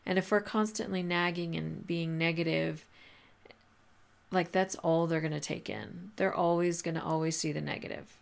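Low gravelly-voiced woman chatting. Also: normal speed. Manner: chatty, filler-heavy, laughs often. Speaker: podcast host coaching teachers. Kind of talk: casual advice talk.

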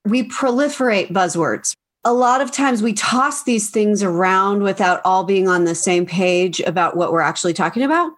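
Friendly woman hosting a podcast interview. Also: mid-range voice. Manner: friendly, guiding, lightly joking. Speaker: podcast host. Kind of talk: podcast interview over video call. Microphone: video call.

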